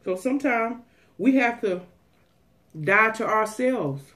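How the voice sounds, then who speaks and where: A woman's voice: on the high side, expressive, slow, a bit bright. Woman food vlogger, casual and folksy, slips into preaching at her audience. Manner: folksy, preachy, calls out to viewers. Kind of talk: casual mukbang chat with preachy pep talk.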